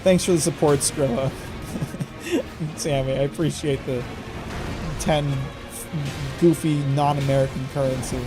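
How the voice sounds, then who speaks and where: A man's voice: fairly high pitch, steady tone, measured pace, pauses often, music in the background. A male game streamer giving live gameplay commentary, swearing and ranting in frustration.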